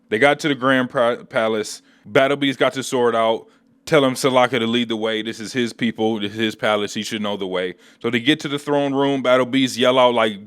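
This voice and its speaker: A man's voice: mid-range voice, fairly even intonation, moderate pace, a bit bright, clean tone, no room sound. A man hosting a casual comic book recap, telling the story in slangy, laid-back speech on a close mic.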